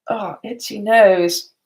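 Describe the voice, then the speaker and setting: A woman's voice: mid-range voice, darkish tone. Tired chatty woman vlogger. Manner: chatty and rambling, laughs often. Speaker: beauty vlogger. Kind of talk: casual live stream chat.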